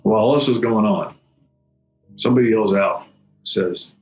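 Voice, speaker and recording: A middle-aged man giving solemn personal testimony, halting and often repeating his words. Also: lowish voice. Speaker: former federal agent recounting a memory. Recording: echoey room with faint music.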